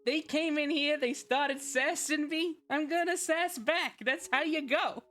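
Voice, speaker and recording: A woman's voice: high-pitched, measured pace, fairly bright tone, voice pushed up. A woman doing a sassy New York alligator. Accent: put-on New York. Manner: sassy, boastful, threatening in jest. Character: brash sassy New York alligator, streetwise tough talker.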